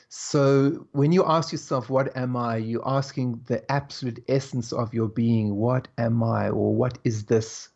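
A man as an interview guest, telling stories in a slow, reflective way with soft laughs. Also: mid-range voice, highs cut off. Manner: slow, musing, laughs softly between thoughts. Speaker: guest, spiritual teacher. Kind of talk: reflective conversational storytelling.

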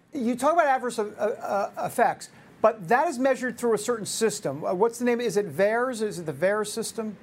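A man hosting a political talk show, animated and jokey, with quick asides. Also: sits high, slight background noise.

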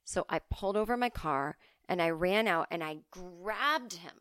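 A woman hosting a podcast, rambling through an absurd comic story in a deadpan way, recorded close on a studio mic. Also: fairly low pitch, normal speed, clean tone, dry recording. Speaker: podcast host and comedian.

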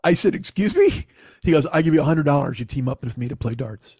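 A man's voice: mid-range voice, fast, darkish tone, slightly rough, dry recording, studio quality. A man telling a casual, profane story in his own voice. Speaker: podcast host telling a story.

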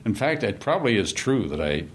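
A man from Saskatchewan, Canada, a broadcaster who is a guest in an interview, talking in an unhurried, comforting conversational way. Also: on the low side, sing-song. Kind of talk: casual interview chat.

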